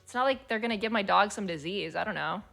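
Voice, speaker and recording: A woman's voice: mid-range voice, animated, fast talker, gravelly, a bit bright, faint music behind. A woman streamer chatting casually and reading forum posts aloud, blunt, swearing freely and laughing as she talks.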